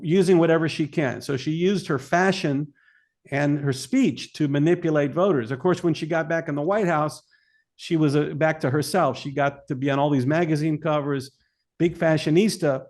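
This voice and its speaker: Man with a slightly high voice, filmmaker guest making his point hard. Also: normal speed, a little mellow. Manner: emphatic, argumentative. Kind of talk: interview talk.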